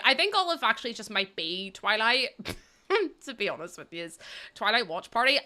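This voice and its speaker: A woman in her thirties streaming from her room at home, chatting to her viewers while she plays, giggly and animated. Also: on the high side, normal speed. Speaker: livestreamer. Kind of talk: casual chat while gaming.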